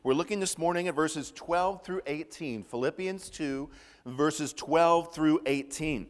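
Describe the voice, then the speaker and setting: Lively preaching man in a reverberant hall. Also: on the high side. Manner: expressive preaching with prayer and rhetorical questions. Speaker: pastor. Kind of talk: sermon.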